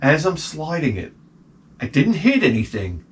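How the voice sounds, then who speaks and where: A man's voice: a little high, sing-song, moderate pace, breathy edge. Rambling, sarcastic man telling a story. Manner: rambling, sarcastic, gets loud and exasperated. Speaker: vlogger. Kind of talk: casual storytelling vlog.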